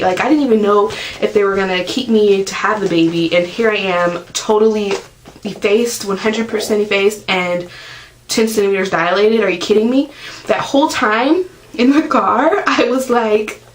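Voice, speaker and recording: A woman's voice: mid-range voice, a little fast, a little hiss or hum, low-quality recording. A young woman vlogging, telling a story casually to the camera, filling it with "like" and acting out what people said. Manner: chatty, heavy use of "like", acts out quotes.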